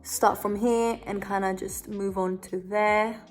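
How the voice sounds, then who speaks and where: A woman's voice: mid-range voice, flat delivery, a little slow, soft background music. A young woman chatting casually through a beauty tutorial at home, rambling with lots of fillers and joking about herself. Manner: rambling, full of "like" and "kinda" fillers; giggly, self-joking. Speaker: beauty vlogger.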